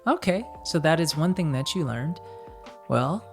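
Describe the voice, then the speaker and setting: A man co-hosting a casual chat with his partner, talking it through with hesitant pauses and fillers. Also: fairly high pitch, animated, creaky, soft background music. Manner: hesitant, thinking aloud with many fillers. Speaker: co-host.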